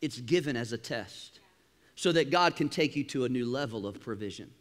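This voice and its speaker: A man preaching a sermon in a church, animated, with sudden loud bursts and quieter asides. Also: medium pitch, normal speed. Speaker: pastor. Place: church auditorium.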